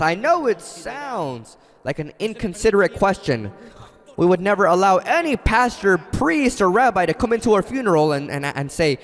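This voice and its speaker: Man, pastor, sermon, very lively pitch, dramatic storytelling, long reverb. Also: normal speed. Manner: dramatic storytelling, shifts between loud and hushed.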